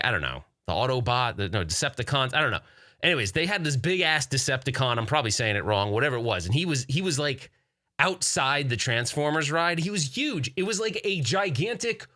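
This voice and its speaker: A man's voice: mid-range voice, sing-song, normal speed, pushed and bright, no echo, studio quality. A man in his forties hosting a podcast, rambling casually through listener questions and laughing often. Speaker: podcast host. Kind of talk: casual chat reading live chat questions.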